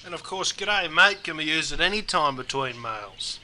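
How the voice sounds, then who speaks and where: A man's voice: a little high, lively intonation, fairly quick, sharp tone, a little hiss or hum. A man with an Australian accent explaining local slang in wry, scripted narration, peppering every sentence with "mate". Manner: laconic, wry, keeps saying mate. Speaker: Aussie English presenter.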